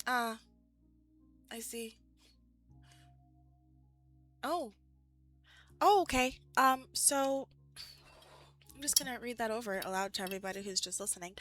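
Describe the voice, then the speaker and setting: Bright-voiced, giggly woman streamer. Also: mid-range voice. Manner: chatty, rambling, giggly, lots of "like". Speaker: live streamer. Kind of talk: casual chat with viewers.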